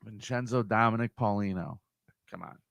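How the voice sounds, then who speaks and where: A man's voice: lowish voice, normal speed, vocal fry, fairly bright tone, no echo. A man co-hosting a podcast in casual chat, blunt and swearing freely. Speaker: podcast co-host.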